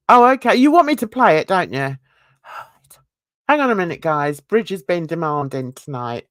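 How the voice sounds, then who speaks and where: Her fairly low voice carries a mix of North London and rural Essex as this English livestream host chats casually with viewers. She comes across warm and talkative, full of British slang and affectionate terms. The sound is clean studio audio with no echo.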